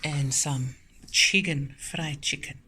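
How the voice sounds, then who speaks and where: A woman's voice: low-pitched, takes it slowly, sharp tone. A South African woman hosting a cooking channel, chatting in a homely way as she shows her guests' gifts and food at home. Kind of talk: casual vlog chat.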